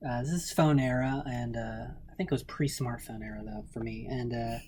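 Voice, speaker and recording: A man's voice: mid-range voice, a little fast, slightly rough. A man who owns a record store, telling rambling stories in a casual interview and acting out what people said with laughter. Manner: rambling, animated, acts out quoted dialogue with laughs.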